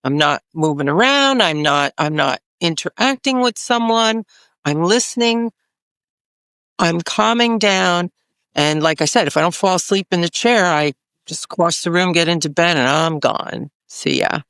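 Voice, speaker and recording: A woman's voice: lowish voice, expressive, a little slow, a bit bright, smooth, dry recording, studio quality. A woman clinician on a health panel, speaking emphatically and repeating phrases for stress. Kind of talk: panel discussion.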